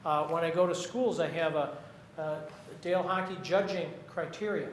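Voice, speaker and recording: Man, poet, audience Q&A, halting and chatty, high voice, echoey room. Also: a little hiss or hum. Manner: chatty, halting, restarts mid-sentence. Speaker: poet reading his work. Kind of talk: audience Q&A after a reading.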